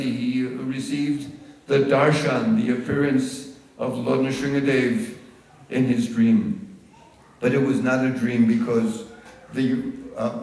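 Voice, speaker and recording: Male sermon storyteller, somewhat high voice, miked from far off in a large temple hall. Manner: unhurried, with fillers and restarts. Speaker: religious storyteller. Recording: echoey hall, voice far from mic.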